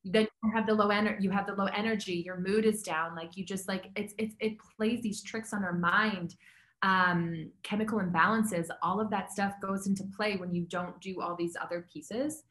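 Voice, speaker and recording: A woman's voice: medium pitch, steady tone, normal speed, fairly bright tone, reverberant. A woman talking as a health coach guest in a casual interview, chatty and upbeat, with many fillers.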